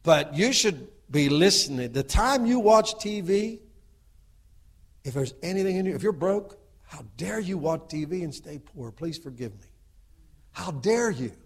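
A middle-aged man preaches with fervor, and his voice sits a little higher than most men's. He swings between murmured asides and loud, driving exhortation. He keeps checking that his listeners agree with him. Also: husky. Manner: asks the audience for agreement. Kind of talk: sermon.

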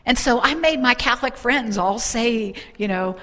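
A woman's voice: fairly high pitch, normal speed, few pauses. Fervent woman preacher in a ringing hall. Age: middle-aged. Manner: animated storytelling, fervent, exclamatory. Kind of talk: sermon.

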